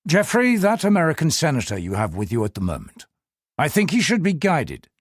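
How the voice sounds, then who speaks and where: A man voicing a senior British government minister who speaks in a crisp, authoritative way. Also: a little high, wildly swooping pitch, brisk, no room sound, studio quality.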